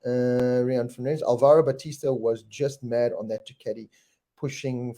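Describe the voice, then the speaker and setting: A man's voice: medium pitch, steady tone, moderate pace, dark tone. A middle-aged man with a South African accent, hosting a live stream in a casual, jokey way and reading out viewers' names and comments. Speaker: host.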